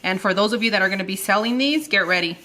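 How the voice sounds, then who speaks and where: A woman's voice: mid-range voice, fast talker, pushed and bright, slight background noise. A woman in her thirties hosting a cooking channel, chatting casually and giggling as she bakes in her home kitchen. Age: 30s. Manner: chatty and giggly, counts aloud while working.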